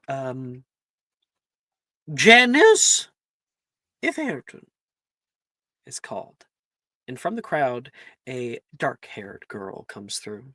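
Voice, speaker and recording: A game master narrating a tabletop role-playing game in a relaxed way, often laughing and clearing the throat. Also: mid-range voice, no room sound.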